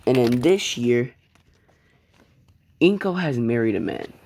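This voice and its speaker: Casual male narrator, swears, chatty, mellow tone. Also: medium pitch, lively intonation, takes it slowly, a little hiss or hum. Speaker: storyteller. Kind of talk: casual fan-story narration.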